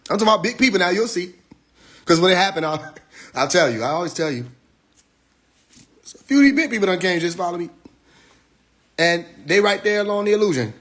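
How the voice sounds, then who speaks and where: Here the same kind of Instagram Live monologue comes from a man hosting the stream, his voice sitting high with a fairly bright tone. He preaches at viewers, firing off rhetorical questions and swearing.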